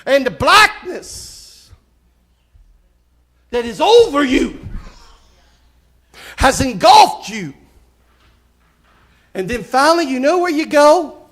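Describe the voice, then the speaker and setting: A man preaching a live church sermon, impassioned and folksy, with bursts of shouting. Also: extremely high pitch, very animated, slow pace, long pauses. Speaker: pastor. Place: church sanctuary.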